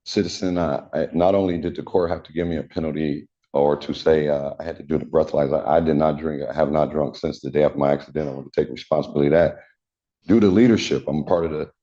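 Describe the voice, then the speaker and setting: An older male defendant with a very deep, dark voice, speaking earnestly and haltingly. He stumbles and repeats himself as he addresses the judge over dull courtroom audio. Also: steady tone.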